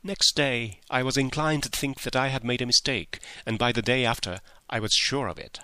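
A man narrating a classic story in the first person, measured and expressive, in the style of an audiobook. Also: medium pitch, clean tone, dry recording.

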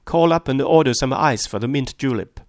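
A man's voice: medium pitch, brisk, dry recording, studio quality, pitched above the performer's own voice, close to an everyday voice. A man reading an audiobook, voicing a languid, petulant young society woman who gives orders. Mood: indignant.

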